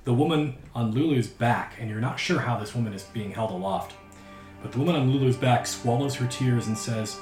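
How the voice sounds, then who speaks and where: A man narrating a tabletop game as game master in a relaxed way. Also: medium pitch, fairly quick. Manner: relaxed, with frequent "uh" fillers. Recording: roomy with background music.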